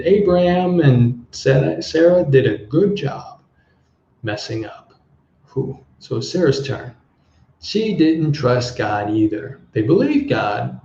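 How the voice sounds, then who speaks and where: A middle-aged man teaches a language lesson at an unhurried pace, stopping to explain and translate each word. His voice is mellow and soft-edged. The recording is echoey and a little dull. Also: medium pitch. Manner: slow, stops to explain words and translate them. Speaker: English teacher. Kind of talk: relaxed Bible-based language lesson. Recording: echoey room, slightly dull sound.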